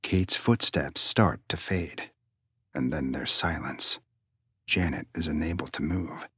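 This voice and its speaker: Taking it slowly, a man narrates a suspense story in a hushed, breathy voice verging on a whisper, low yet bright and forward in tone. The sound is close and dry, with no room sound.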